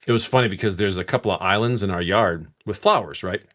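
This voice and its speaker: A man's voice: deep voice, fast talker, a bit bright. A middle-aged man hosting a casual live stream. He jokes, laughs often, swears freely and rattles off card names while opening packs.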